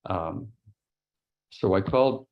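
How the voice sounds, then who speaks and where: A middle-aged man, an interview guest, giving a grave personal account in a halting way, with pauses and restarts. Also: low voice, animated, dull audio. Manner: quiet and grave. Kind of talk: personal testimony.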